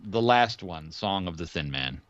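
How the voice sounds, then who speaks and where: A man's voice: deep voice, animated, normal speed, fairly bright tone, lo-fi sound. A man co-hosting a casual film podcast in an easygoing, agreeable way. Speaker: podcast co-host.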